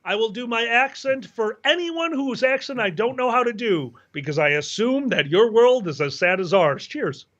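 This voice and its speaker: A man who is a guest on a casual podcast chat, excitable and swearing, sometimes hamming it up. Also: very high voice, normal speed, hardly any pauses. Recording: dull, muffled lo-fi mic.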